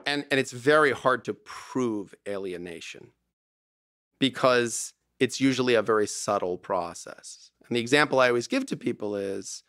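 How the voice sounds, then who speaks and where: In a clean, dry studio recording, a middle-aged man who works as a divorce lawyer talks as a podcast guest at a normal pace. His medium-pitched voice is expressive and fairly bright. Throughout this lively interview chat, he leans on emphasis in his stories and performs the lines he quotes.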